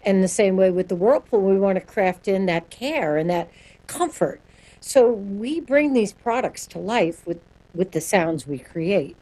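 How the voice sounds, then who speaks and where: Woman, interview guest, quick and animated, conversational. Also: mid-range voice, rough recording. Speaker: sonic branding guest.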